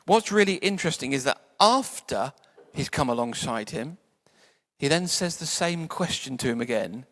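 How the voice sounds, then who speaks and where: A man preaching a sermon in a church, conversational and playful, sometimes dropping to soft quiet tones. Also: medium pitch, expressive, moderate pace. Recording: church hall reverb.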